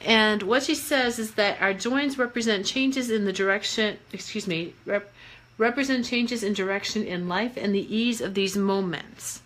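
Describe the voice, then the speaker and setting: A woman's voice: mid-range voice, normal speed, fairly bright tone, poor audio. A woman life coach talking casually and playfully on a self-help live stream, chatty and encouraging. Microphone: webcam or phone on a live stream.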